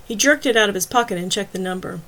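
A woman's voice: medium pitch, quick pace, fairly bright tone. Woman narrating an audiobook thriller. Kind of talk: scripted narration.

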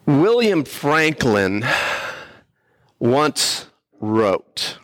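An older man, a missionary pastor appearing as guest speaker, preaches a sermon from a church pulpit slowly and deliberately, earnest and heartfelt though a little unpolished, often clearing his throat. His mid-range voice is very animated and a bit bright, and the sound is dry with very little room echo.

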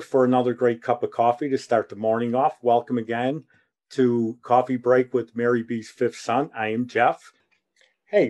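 A man in his forties hosts a casual solo podcast, telling folksy stories in a chatty way. His voice is mellow and dark, at a middle pitch. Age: 40s. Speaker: podcast host.

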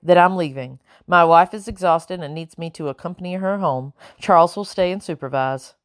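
Woman reading a smooth, evasive merchant man. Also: on the low side, normal speed, no room sound, studio quality, lightly acted.

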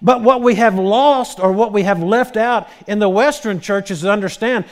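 A man with a high voice preaches a sermon. He talks in an animated way, acts out quoted speech and often restarts his sentences. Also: normal speed. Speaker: pastor.

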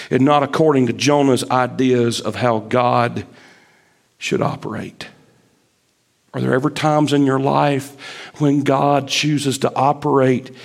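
With a gravelly voice, a man preaches an emphatic sermon, climbing high in pitch as he drives a point home and acting out the prophet's complaints.

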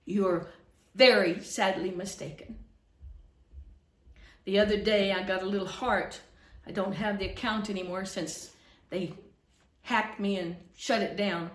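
Woman, middle-aged, pastor, fervent sermon, scolding then hushed, echoey room. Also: mid-range voice. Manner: fervent, swings from loud scolding to hushed earnestness. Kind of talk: preaching to camera.

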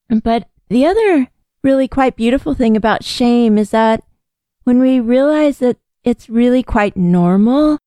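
A middle-aged woman hosting a podcast, speaking in a gentle, earnest and reassuring way in a reflective solo talk. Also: a little high, no room sound. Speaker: podcast host.

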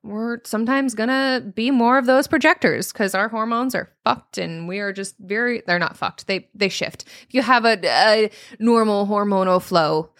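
A woman in her thirties hosting a solo coaching podcast, talking casually and profanely, with high-pitched mock voices when she quotes people. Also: moderate pace, fairly bright tone, no echo, studio quality.

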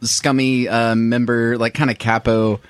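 A man's voice: mid-range voice, flat delivery, unhurried, clean tone, dry recording. A man in casual podcast chat, rambling and swearing freely, a little self-mocking. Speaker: tabletop game player on a podcast.

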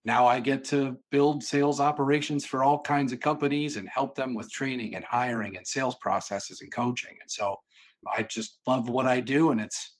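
Animated guy from boston telling sales stories on a podcast, average pitch. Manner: animated storyteller who acts out quotes. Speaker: sales consultant and guest. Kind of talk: storytelling in a podcast interview.

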